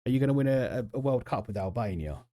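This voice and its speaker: A man's voice: mid-range voice, lively intonation, fast talker, dark tone, dry recording, clean studio sound. A man, chatting casually and joking with viewers while streaming a football management game. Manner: chatty, jokey, reacts to chat and the match. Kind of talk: casual live-stream commentary.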